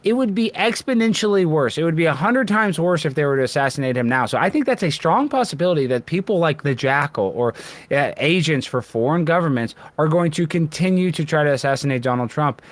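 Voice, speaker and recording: Brief: male podcast guest, excitable, voice sits fairly high, dry close mic. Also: brisk, no echo. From Texas. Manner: excitable, jumps between loud high bursts and low mutters. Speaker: guest commentator. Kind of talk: casual podcast chat.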